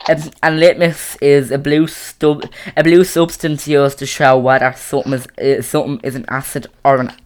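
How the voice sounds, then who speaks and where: A teen hosting a casual podcast at a middle pitch. The talk rambles and restarts a lot. The voice is close on a boom mic. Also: level tone, normal speed, hardly any pauses. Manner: rambling, chatty, many restarts. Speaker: podcast host. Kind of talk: casual chat. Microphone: boom mic on a stand.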